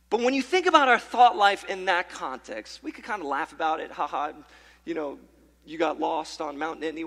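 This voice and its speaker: A man preaching a sermon to his church, telling a story in an animated way with many fillers and restarts. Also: a little high, slightly rough. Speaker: pastor. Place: church sanctuary. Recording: reverberant church hall.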